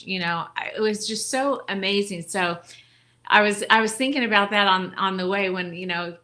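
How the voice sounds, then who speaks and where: A woman's voice: medium pitch, steady tone, moderate pace, pushed and bright. A woman who leads a ministry, a podcast guest telling a heartfelt personal story with emotion and gratitude. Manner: emotional, grateful, rambling with restarts.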